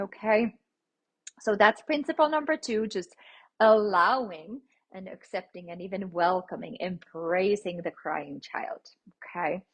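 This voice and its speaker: A woman hosting a parenting podcast, explaining child-rearing principles in a gentle, teacherly way, often checking in with "okay?". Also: mid-range voice, unhurried, husky. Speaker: parenting podcast host, licensed clinical social worker. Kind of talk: instructive podcast talk.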